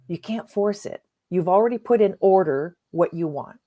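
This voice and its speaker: Earnest lower-voiced woman coach. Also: moderate pace. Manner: earnest, animated retelling with quoted dialogue. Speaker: transformational coach, guest. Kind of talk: conversational storytelling.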